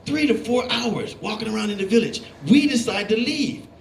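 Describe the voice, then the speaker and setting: High-voiced comedian telling stories on stage. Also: male voice, normal speed, gravelly, slight background noise. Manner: animated storytelling, acting out voices, laughing along. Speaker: stand-up comedian. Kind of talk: stand-up comedy set. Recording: roomy club with live audience. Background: audience laughing.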